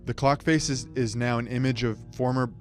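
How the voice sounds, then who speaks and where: This is a man giving an absurd, rambling comic speech, delivered dryly and deadpan. He stumbles and breaks off for quick asides. Faint music plays behind him. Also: mid-range voice. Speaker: speech contestant. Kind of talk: surreal comic monologue.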